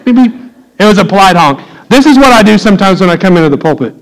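High-voiced pastor preaching. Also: male voice, sing-song, racing, low-quality recording. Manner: storytelling, swings from low confiding asides to high preaching. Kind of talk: sermon. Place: church sanctuary.

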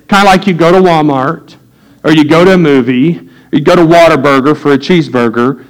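A man's voice: on the high side, quick pace, poor audio. A male pastor telling a story to his congregation, loose and conversational with restarts. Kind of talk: sermon storytelling to a live congregation.

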